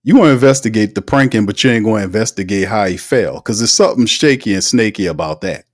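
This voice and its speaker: A man with a fairly low voice hosts a loose live sports talk stream. He reads viewer comments aloud and riffs on them. His delivery is animated and emphatic, full of slang and frequent laughter. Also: quick pace, few pauses. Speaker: sports talk show host.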